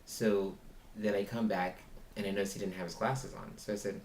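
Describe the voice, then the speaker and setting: Deep-voiced man telling a vlog story. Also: steady tone, normal speed, a little mellow, roomy sound, a little hiss or hum. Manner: rambling retelling, acting out both sides of a dialogue. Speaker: foster parent and vlogger.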